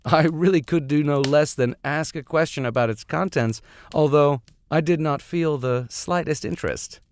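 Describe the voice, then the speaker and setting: A man's voice: fairly high pitch, moderate pace. A man reading a classic novel aloud, breaking in with joking casual asides. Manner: joking modern asides between passages. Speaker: audiobook reader.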